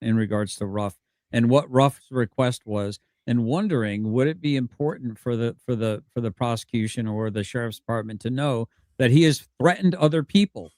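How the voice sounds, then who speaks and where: A man's voice: mid-range voice, moderate pace, darkish tone, dry recording, clean studio sound. A man in a heated argument, exasperated and pressing his point.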